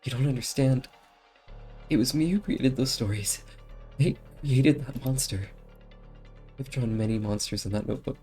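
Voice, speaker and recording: A man's voice: medium pitch, moderate pace, long pauses, mellow, soft background music, pitched above the performer's own voice, lightly acted. A man voicing a tearful, guilt-stricken young girl in a story game, pleading and anguished. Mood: frantic.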